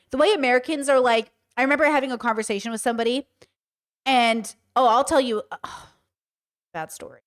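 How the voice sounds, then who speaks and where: A woman streaming casual commentary, blunt and animated, swearing freely and laughing often. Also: medium pitch, fairly quick, smooth. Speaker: streamer reacting to a clip.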